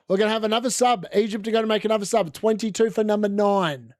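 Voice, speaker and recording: A man's voice: high voice, fast, few pauses, no room sound, clean studio sound. A young adult man with an Australian accent, hosting a casual live football watchalong and reacting to the chat. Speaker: watchalong host.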